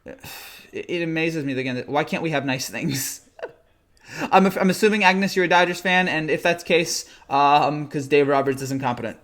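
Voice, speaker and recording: A young man hosting a late-night sports live stream, tired, rambling and teasing as he answers chat comments. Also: mid-range voice.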